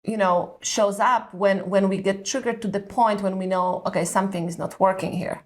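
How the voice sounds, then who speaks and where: A woman with a mid-range pitch, speaking as a parenting coach. She explains her ideas steadily, pausing often to ask "correct?" or "right?". She talks as a mother who shares her own experience. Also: steady tone. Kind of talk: advice in conversation.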